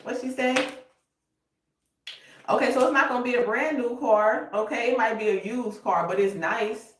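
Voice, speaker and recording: A woman's voice: fairly high pitch, a little fast, far from the mic, slight background noise. A woman reads tarot for her viewers in loose, unscripted talk. She gets emotional, curses freely, and drifts into snatches of song. Her voice sits a little back from the mic in an echoey room. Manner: emotional, cursing, breaks into singing. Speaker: tarot reader. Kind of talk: casual tarot reading livestream. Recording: roomy echo, voice a bit off-mic.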